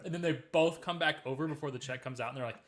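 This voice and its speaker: A man co-hosting a podcast, telling stories in casual chat with lots of swearing. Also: fairly high pitch. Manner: fast, animated storytelling with profanity. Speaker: podcast co-host.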